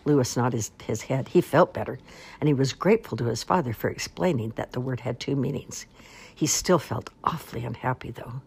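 A woman narrating a children's storybook in a gentle, expressive read-aloud manner. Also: rumbling low, fairly quick, vocal fry, a little hiss or hum. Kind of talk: storybook reading.

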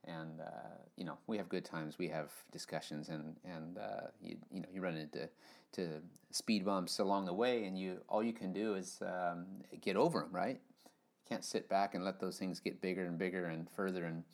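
A man with a very low voice tells stories on a podcast. He rambles and restarts often, leaning on fillers as his energy rises and falls. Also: fairly even intonation, normal speed. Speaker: podcast guest. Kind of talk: casual storytelling.

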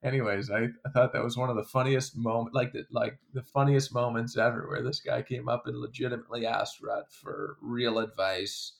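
Gravelly man chatting loosely. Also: medium pitch, fairly even intonation, a little fast, hardly any pauses. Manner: rambling, with frequent restarts and fillers. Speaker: interview guest, creator of a comedy hunting character. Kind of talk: casual interview chat.

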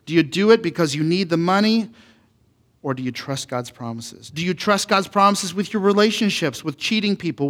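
Man in his thirties, pastor, casual sermon, animated, rhetorical questions, fairly high voice. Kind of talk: conversational sermon.

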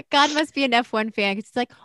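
A young woman co-hosting a casual chat podcast, animated, swearing freely and acting out mocking quotes. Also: high-pitched, dry recording, clean studio sound. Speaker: podcast co-host.

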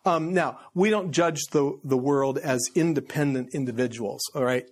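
A man's voice: mid-range voice, moderate pace. A man, a pastor, teaching through a Bible letter in a loose, conversational sermon, with many fillers and restarts, and rising emphasis when he quotes.

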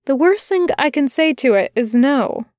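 Aziraphale, a woman reading a gentle, flustered angel. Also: high voice, lively intonation, normal speed, no room sound, clean studio sound, pitched above the performer's own voice. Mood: tender, flustered. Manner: flustered, tender, stammering. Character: fussy, gentle male angel, earnest.

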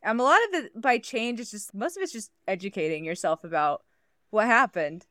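A woman co-hosting a podcast, giggling, swearing and rambling in casual chat while high. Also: expressive, fairly quick, pushed and bright, no echo, studio quality. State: high on cannabis. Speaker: podcast co-host.

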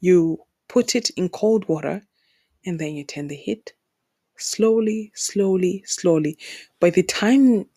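Earnest low-voiced woman podcaster. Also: lively intonation, measured pace, mellow, no echo, clean studio sound. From Zimbabwe. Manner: earnest, repeats words for emphasis. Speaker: podcast host. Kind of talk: heartfelt solo podcast talk.

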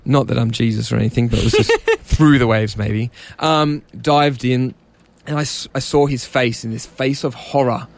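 A man's voice: mid-range voice, normal speed, creaky, hardly any pauses. A young man, casually telling a story on a chat show in a rambling, self-mocking way. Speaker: podcast co-host telling a story.

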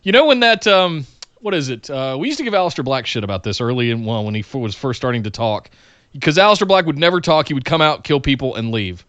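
A man's voice: medium pitch, animated, fast, fairly bright tone, no room sound, dull audio. A man co-hosting a casual wrestling chat podcast, blunt and sarcastic. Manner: blunt, sarcastic, reads viewer comments.

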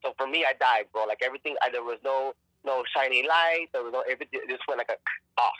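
Emphatic, bright-voiced man telling his story. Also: mid-range voice, fast, no room sound, low-quality recording. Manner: emphatic, profane, repeats and restarts words. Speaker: actor and podcast guest. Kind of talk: casual conversational storytelling.

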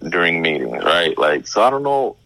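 A man speaking as a guest in casual conversation, calm and reflective, with some slang. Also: low-pitched, moderate pace, dry recording, low-quality recording.

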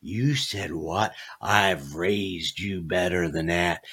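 Man putting on a stern scolding mother, low, slow, tough-cop menace. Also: creaky, bright, forceful tone, husky, full character voice.

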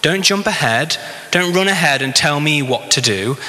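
A man voicing a calm, firm teacher who gives measured commands to his follower. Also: on the high side. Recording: long hall reverb.

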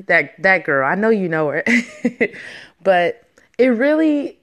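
A woman in her late twenties hosting a casual solo podcast from her home basement, talking candidly and playfully with lots of swearing and hushed asides. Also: medium pitch, big pitch swings, slow pace, long pauses. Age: 20s. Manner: candid, profane, playful, swings between loud and hushed asides. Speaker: podcast host.

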